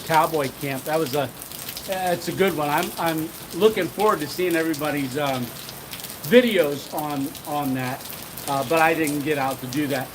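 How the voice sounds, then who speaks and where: Middle-aged guy rambling on a live stream outside, chuckles a lot, talks a bit high, rain hissing behind him. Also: normal speed. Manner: rambling, chuckling, many fillers. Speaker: channel host. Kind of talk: casual live-stream storytelling. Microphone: handheld camera.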